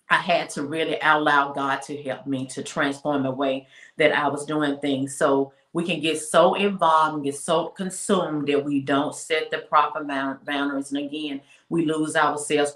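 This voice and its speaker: A woman speaking on a talk show about faith and life. She is emphatic and preachy, repeats her points and slows down to stress them. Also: low voice, fairly bright tone. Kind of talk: casual faith-based talk. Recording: roomy echo.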